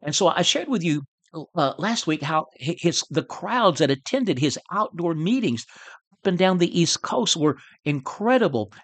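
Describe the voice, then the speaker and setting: A man's voice: on the high side, sing-song, moderate pace, fairly bright tone, no echo. A man hosting a podcast, teaching church history in an earnest, preacher-like way, often repeating words. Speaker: host.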